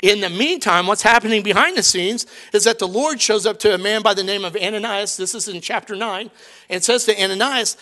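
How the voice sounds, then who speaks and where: Bright-voiced animated pastor, a man. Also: high voice, a little fast. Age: middle-aged. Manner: conversational and animated, acts out quoted lines. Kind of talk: sermon.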